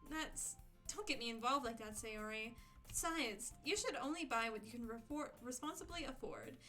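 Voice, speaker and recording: A woman's voice: fairly high pitch, normal speed, pushed and bright, soft background music. A woman voicing a shy, bookish teenage schoolgirl who stammers and hesitates. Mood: flustered.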